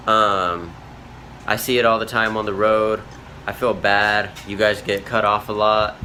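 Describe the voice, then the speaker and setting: A man's voice: fairly low pitch, pushed and bright, a little hiss or hum. A man from Central California, a viewer asking a question in a friendly, laid-back self-recorded video message.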